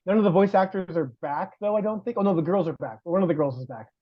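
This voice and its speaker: High-voiced man chatting about games. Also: quick pace, no room sound, dull audio. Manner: rambling, self-correcting, laughs often. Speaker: guest host, VR reviewer. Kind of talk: casual podcast chat.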